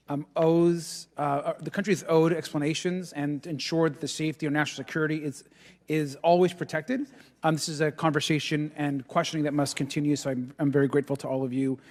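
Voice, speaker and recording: A man, a congressman, giving a hesitant, measured closing statement at a hearing. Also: on the high side, a little mellow, in a large hall. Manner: hesitant, many ums and uhs, measured.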